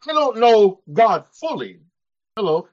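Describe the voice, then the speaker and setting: A preacher man delivering an animated sermon, his pitch swinging up and down as he acts out voices. The recording sounds dull and lo-fi. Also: a little slow. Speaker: pastor.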